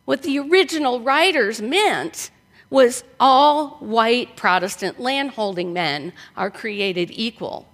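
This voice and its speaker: A woman pastor preaches in an easy, conversational way, leaning on rhetorical questions. Her voice sits a little high for a woman. It carries a long reverb, as if heard in a large church hall. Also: animated, slow, fairly bright tone. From northern United States. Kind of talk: sermon.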